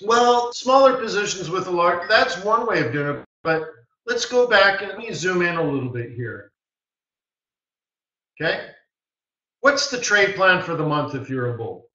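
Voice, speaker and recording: A man's voice: high voice, lively intonation, measured pace, long pauses, pushed and bright. Emphatic man teaching a live trading webinar. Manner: emphatic, blunt, repeats short commands. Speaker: forex market strategist hosting a live webinar. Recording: roomy, distant, dull-sounding mic.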